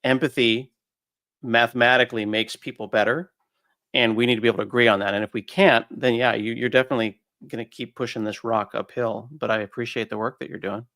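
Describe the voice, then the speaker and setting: Man, interview guest, animated explaining, acts out quotes, dry close sound. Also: mid-range voice, fast, no echo. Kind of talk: conversational interview.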